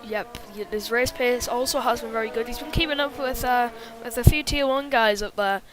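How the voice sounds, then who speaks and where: A woman's voice: a little high, brisk. A woman doing live commentary on an online racing league, chatty and full of fillers, reading viewer chat as she goes. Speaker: race commentator.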